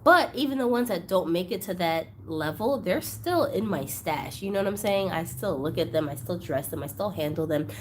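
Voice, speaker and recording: A woman hosting a doll collecting vlog, chatting casually and gushing excitedly over gifts, at times near tears. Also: lowish voice, normal speed, hardly any pauses, a little hiss or hum. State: emotional, close to tears. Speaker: doll collector channel host. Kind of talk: unboxing vlog chat.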